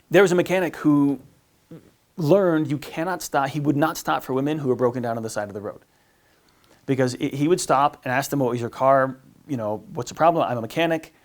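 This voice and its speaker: A priest giving a casual teaching talk on marriage, often stumbling over and repeating words and acting out little exchanges. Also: male voice, medium pitch. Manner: conversational, repeats words, acts out quotes.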